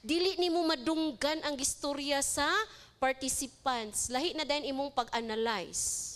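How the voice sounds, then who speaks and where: A woman with a Cebuano Filipino accent delivers a lively seminar lecture live, mixing English and Cebuano and joking with her audience. Her voice is high-pitched and her speed normal.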